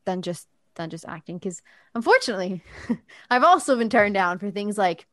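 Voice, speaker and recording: A woman's voice: medium pitch, lively intonation, moderate pace, no room sound. Sex: woman. Role: podcast co-host and actor. Style: casual chat, talking freely, swearing casually and laughing between points, her voice recorded close and dry.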